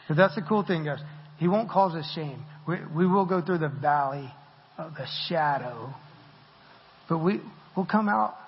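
Husky-voiced man preaching in a reverberant hall. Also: high-pitched. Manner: conversational and self-deprecating, laughs often. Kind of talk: sermon. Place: church sanctuary. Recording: muffled audio with long hall reverb.

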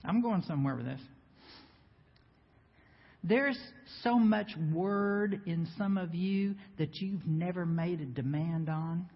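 A woman preacher delivering a lively sermon, bantering with the congregation and firing off rhetorical questions. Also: on the low side, takes it slowly, breathy edge. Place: church sanctuary before a congregation. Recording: echoey hall, slightly dull sound.

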